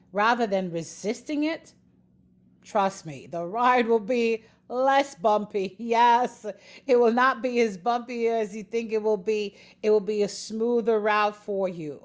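A woman giving a faith-based motivational talk, speaking straight to the listener, laughing often and repeating phrases for emphasis. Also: mid-range voice. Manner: expressive, laughs often, encouraging.

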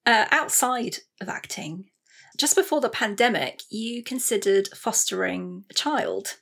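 A woman interviewer asking measured questions in an unhurried way. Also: medium pitch, expressive, creaky, fairly bright tone, breathy edge.

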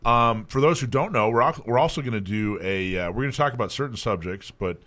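A man's voice: medium pitch, brisk, a bit bright. A man from the American South hosting a radio talk show, enthusiastic, his words running together. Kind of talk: casual radio chat.

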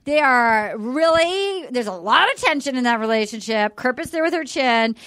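A high-voiced woman recaps a dating show in a casual podcast chat. She slips into quick put-on voices for the people she quotes. The recording is dry and close. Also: animated, fairly bright tone, clean tone, no room sound. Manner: chatty, acts out quotes in shifting voices.

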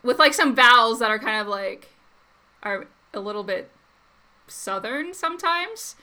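A woman's voice: fairly high pitch, expressive, unhurried, sharp tone. A woman speaking as a guest commentator in casual chat, chatty and full of fillers and laughs.

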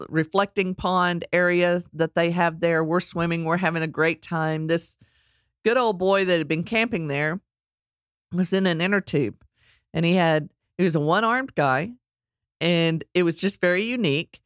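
A middle-aged woman telling a personal story in a casual, animated way, acting out quotes and laughing along. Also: on the low side, no room sound, clean studio sound.

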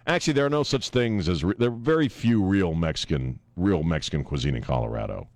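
Man, radio talk host, low pitch, animated, casual rambling banter, laughs a lot, dry mic. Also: fast, no room sound. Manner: rambling, joking, laughs often.

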